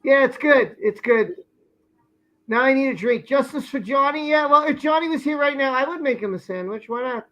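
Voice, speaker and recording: This livestream host, a man at home, talks about what he's eating in a rambling, chatty way, often with food in his mouth. His very high voice is expressive, pushed, and bright at a moderate pace, though the recording sounds muffled.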